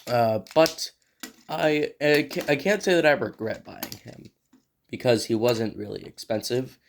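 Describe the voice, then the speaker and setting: A man's voice: medium pitch, measured pace, slight background noise. Rambling man reviewing a toy. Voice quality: clears throat often. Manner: rambling and unscripted, thinks aloud while handling a toy. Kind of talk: casual toy review vlog.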